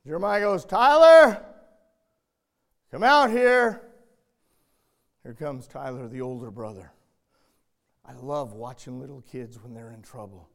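An older man preaching a sermon as a pastor, telling a family story and swinging from emphatic loud lines to hushed ones. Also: mid-range voice, animated, normal speed, gravelly.

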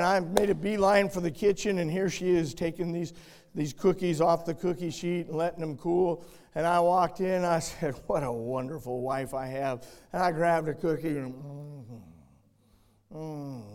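A middle-aged man preaching a sermon in a church, telling folksy stories and building up to loud, shouted emphasis. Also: a little high.

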